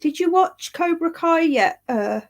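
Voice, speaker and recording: A woman's voice: very high-pitched, expressive, a little slow. Tired, chatty woman livestreaming. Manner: chatty, rambling, swears casually, greets viewers by name. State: tired and yawning. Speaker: livestream host reading live chat. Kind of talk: casual livestream chat.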